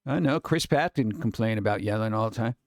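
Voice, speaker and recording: A man's voice: fairly low pitch, brisk, gravelly, no room sound, studio quality. A man streaming live, chatting casually and rambling while answering his viewers. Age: adult.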